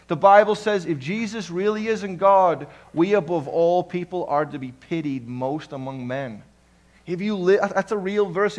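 A male pastor preaching a sermon in a church, swinging between loud emphatic lines and hushed ones and often asking the crowd "Amen?". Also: a little high. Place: church hall.

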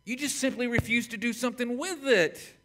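High, bright-voiced male pastor preaching. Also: a little fast. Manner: emphatic preaching, building repetition. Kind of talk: sermon.

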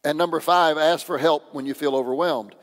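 A man's voice: on the high side, steady tone, a little fast, fairly bright tone. A man preaching a sermon as pastor, in a conversational, joking way. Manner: conversational, joking, acts out quoted voices. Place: church sanctuary. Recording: long church hall reverb.

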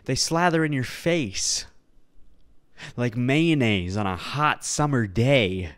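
A man's voice: medium pitch, lively intonation, takes it slowly, no room sound. Guy rambling sarcastically on his podcast, mid voice, dead dry close mic. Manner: sarcastic, rambling, playful mock-earnest asides. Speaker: podcast host. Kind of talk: casual solo commentary on clips.

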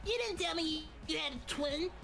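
A woman doing a gravelly, very high kid Goku. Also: expressive, moderate pace, a crowd in the background. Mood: puzzled. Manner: polite, thanks often. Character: cheerful young boy fighter, polite and eager. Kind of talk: playing a character while gaming.

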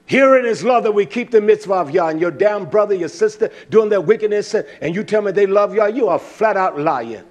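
A man preaching a combative, fiery sermon who swears freely, repeats lines for emphasis, often breaks into shouts, and fills pauses with "uh". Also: high voice, animated. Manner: often shouts, with many "uh" fillers.

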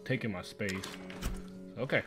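A man with a fairly low voice mutters his way through a horror game, cursing in frustration and yelping when startled. Loud game music plays behind him the whole time. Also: unhurried. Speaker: gameplay streamer. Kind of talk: live gameplay commentary.

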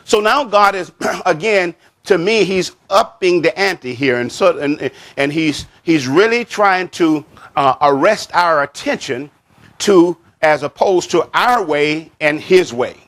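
A man preaching a sermon as pastor, slow and emphatic, repeating phrases and saying "amen" often. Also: fairly high pitch, animated, a bit bright.

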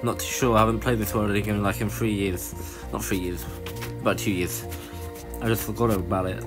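A young man giving rambling, excitable commentary while playing a video game. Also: fairly quick, music in the background. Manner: excitable, rambling, jumps to high squeals. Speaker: gaming channel host. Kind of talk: casual let's-play commentary.

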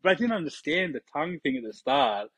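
A man's voice: fairly high pitch, sing-song, quick pace, fairly bright tone, slightly rough, no echo. A young Australian man chatting casually as a podcast guest, rambling with many fillers and restarts. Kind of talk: casual chat.

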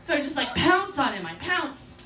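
A woman stand-up comedian telling a story in an animated, self-deprecating way, full of quick asides. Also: high-pitched, music in the background. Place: comedy club stage. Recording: echoey club, distant mic, noisy.

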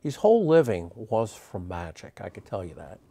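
Brief: male historian, low gravelly voice, rambling, filler-heavy anecdotes in an interview. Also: huge pitch swings, moderate pace, dark tone. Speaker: magic historian. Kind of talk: interview storytelling.

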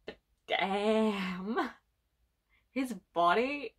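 A young woman hosting a reaction vlog, gushing breathlessly, sighing and slipping into soft whispers as she talks. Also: on the high side, lively intonation, measured pace, husky. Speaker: reaction video host. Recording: faint music behind.

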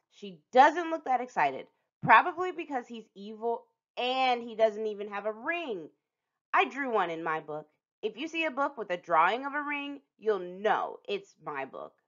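Expressive woman reading a picture book aloud. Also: fairly high pitch. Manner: expressive, with dramatic pauses and slowed phrases. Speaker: storytime reader. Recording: dull lo-fi recording.

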